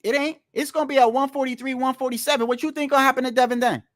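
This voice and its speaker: A man's voice: very high-pitched, fairly even intonation, rapid-fire, dry recording, studio quality. A man giving a heated, profane boxing commentary rant, repeating his points for emphasis. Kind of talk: ranting vlog commentary.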